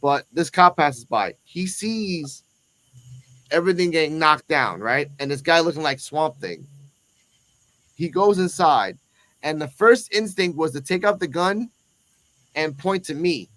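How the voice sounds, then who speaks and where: A man's voice: on the high side, measured pace, pauses often, no echo, poor audio. A man hosting a show, telling a story casually and with lots of animation and swearing, and acting out the other people in it. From Puerto Rico. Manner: animated, profane, acts out the other people in his stories. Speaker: host.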